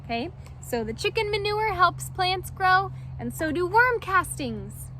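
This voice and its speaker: A woman reading a picture book to children, stopping to ask them questions in an animated way. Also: very high-pitched, a little slow, a little hiss or hum, low-quality recording. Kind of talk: children's story read-aloud.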